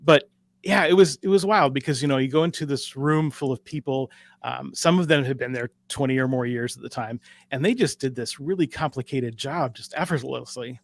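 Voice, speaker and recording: A man's voice: medium pitch, brisk, no echo. A middle-aged man from Alaska, a dispatch trainer talking as a podcast guest, easygoing and self-deprecating, with many fillers. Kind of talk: casual interview chat.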